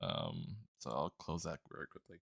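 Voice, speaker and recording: A man's voice: extremely low pitch, big pitch swings, normal speed, creaky, a bit bright, dry recording, studio quality. A man streaming while drawing, chatting casually about a tabletop game character, rambling with lots of fillers, restarts and laughs.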